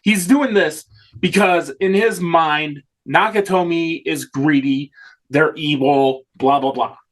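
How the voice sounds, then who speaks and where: A man's voice: fairly high pitch, slow. A man co-hosting a casual film discussion, enthusiastic and swearing freely. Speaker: podcast co-host.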